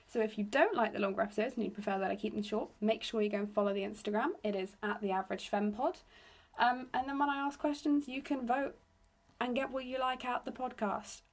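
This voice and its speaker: A young woman from England with a slightly raspy voice, hosting a solo podcast into her phone in a rambling, self-deprecating chat. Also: on the high side. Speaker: podcast host.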